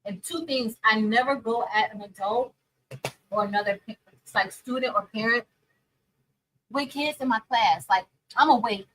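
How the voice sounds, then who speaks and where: A woman chatting casually and telling a story straight to her viewers, animated, calling them y'all and girl. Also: fairly high pitch, normal speed, rough recording. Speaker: crafting vlogger and teacher.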